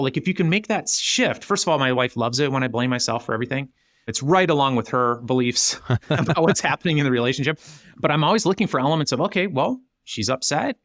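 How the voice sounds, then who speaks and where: Animated man on a dry close mic. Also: quick pace, dry recording. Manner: animated, jumps up in pitch acting out quoted voices. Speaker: guest author. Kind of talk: casual podcast conversation.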